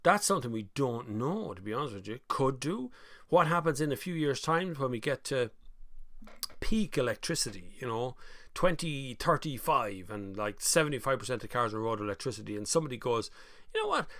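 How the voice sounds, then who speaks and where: A man's voice: medium pitch, animated, brisk, a bit bright, no echo, clean studio sound. A man with an Irish accent hosting a live stream, chatting casually and reading out viewer comments, with mocking voices when he quotes people.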